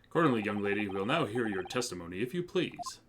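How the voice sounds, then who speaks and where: A man's voice: fairly low pitch, very animated, quick pace, background noise. A man playing a stern old judge. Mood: formal. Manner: formal, commanding. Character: stern older male courtroom judge, formal. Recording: game music behind.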